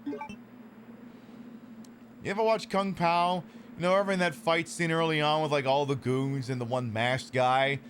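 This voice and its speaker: A man's voice: on the high side, steady tone, measured pace, long pauses, a bit bright, a little hiss or hum. A man casually commenting on a game he is streaming, sarcastic and profane, rambling between topics.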